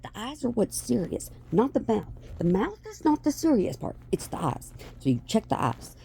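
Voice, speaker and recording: Animated rambling woman vlogger. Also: a little high, normal speed, creaky, slight background noise. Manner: animated, chatty, trails off and restarts. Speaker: vlogger and mother. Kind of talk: rambling casual chat to camera.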